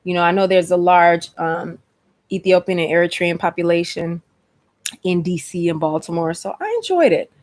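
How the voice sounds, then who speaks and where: A woman from Atlanta, hosting a casual livestream chat. She is chatty and expressive, and she calls her listeners "honey" and "y'all.". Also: fairly low pitch, normal speed. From Atlanta, Georgia, USA. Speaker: host.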